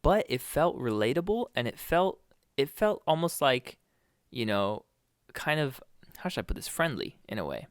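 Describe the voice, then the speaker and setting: A young man co-hosting a podcast in a casual chat, often pausing to search for the right words. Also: mid-range voice, big pitch swings, clean tone, dry recording, clean studio sound. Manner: hesitant, searches for words with fillers. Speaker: podcast co-host.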